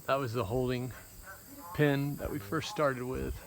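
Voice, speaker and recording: A man showing a farm corral, with slow, terse remarks in casual tour talk. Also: mid-range voice, fairly even intonation, gravelly. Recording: outdoor noise, voice from afar.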